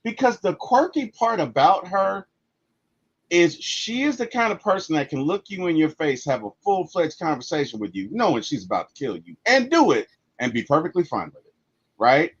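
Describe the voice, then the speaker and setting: A husky-voiced man talks about movies with lots of feeling. His pitch swings widely as he gets caught up in the story. The recording sounds muffled and lo-fi. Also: normal speed. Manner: animated, emotional storytelling. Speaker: podcast co-host. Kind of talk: casual movie discussion.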